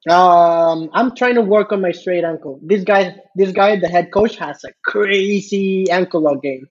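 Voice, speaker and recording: A man's voice: sits high, measured pace, muffled recording. A man telling a story as a podcast guest, rambling with lots of fillers and restarts, laughing often. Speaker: podcast guest, jiu-jitsu student. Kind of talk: casual storytelling chat.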